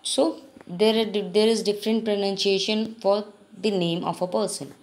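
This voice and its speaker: A woman's voice: mid-range voice, fairly even intonation, normal speed, darkish tone. A woman teacher giving a patient, explanatory reading lesson to her students. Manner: patient, explanatory, mixes in Hindi. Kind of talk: recorded classroom reading lesson.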